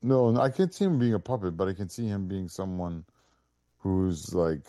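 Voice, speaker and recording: Man, very deep voice, mellow, dry room, casual football host, rambling, reads from notes. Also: moderate pace, dry recording. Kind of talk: casual chat.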